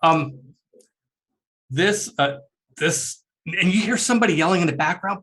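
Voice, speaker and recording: A man's voice: high-pitched, a little slow, a bit bright, low-quality recording. A man narrating a tabletop role-playing game as game master, talking loosely with many fillers and restarts.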